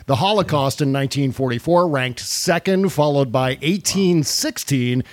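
A man's voice: medium pitch, moderate pace, dry recording. A man hosting a comedy talk show, bantering casually in a wry, exasperated way. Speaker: host. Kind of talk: casual chat.

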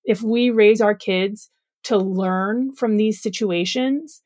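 A woman's voice: medium pitch, darkish tone, dry recording, clean studio sound. Earnest woman podcast host, urging. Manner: earnest and urging, repeats calls to action. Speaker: parent. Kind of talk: solo podcast monologue.

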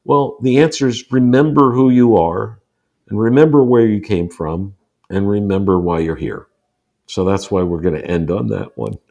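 A man in his sixties from the United States, a guest telling personal stories in a relaxed interview and acting out the quotes. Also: moderate pace, vocal fry, muffled recording. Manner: animated storyteller, acts out quotes with rising pitch. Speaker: guest, author. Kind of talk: storytelling in a casual interview.

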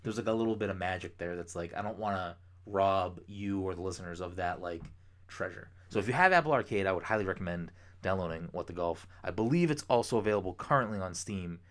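Rambling, excitable young man. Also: low-pitched, fast talker. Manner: excitable, rambling, swears casually. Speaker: podcast co-host. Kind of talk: casual chat.

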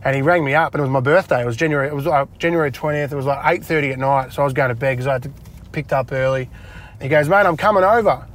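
A man's voice: mid-range voice, steady tone, very fast. An Australian man telling stories in a casual interview, laughing often and acting out conversations in a raised voice. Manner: chatty, laughs often, acts out dialogue in a raised voice. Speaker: interview guest, retired footballer. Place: inside a parked car.

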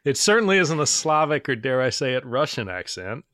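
A man co-hosting a podcast, explaining at length in a measured way with dry humor. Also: mid-range voice, very animated, over a noisy crowd. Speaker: podcast co-host. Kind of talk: casual explanatory podcast chat.

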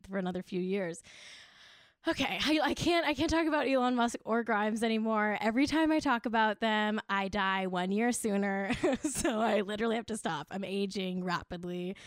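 A woman's voice: mid-range voice, no room sound, clean studio sound. A young woman hosting a live web show, chatting casually and mocking herself, with frequent giggles and lots of "like.". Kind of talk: casual live-stream chat.

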